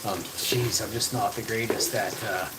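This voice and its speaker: A man's voice: lowish voice, fairly even intonation, moderate pace, recorded from a distance, heavy background noise. A man streaming live from his kitchen while he cooks, rambling in crude, heavily sworn casual chat. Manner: rambling, crude, heavy swearing. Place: home kitchen while cooking. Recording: echoey room with loud frying sizzle. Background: frying food sizzling.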